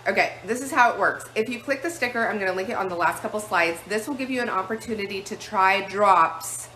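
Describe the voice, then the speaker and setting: A woman's voice: mid-range voice, fairly quick, few pauses. A woman in her thirties, a lifestyle blogger talking casually into her phone while walking through her house. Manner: chatty, bubbly, excitable. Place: house interior.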